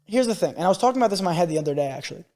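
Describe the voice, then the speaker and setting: A man with a high voice, co-hosting a podcast and rattling through animated stories at a quick clip. He swears freely, and his voice rings with a long reverb. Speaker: podcast co-host. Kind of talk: casual podcast chat.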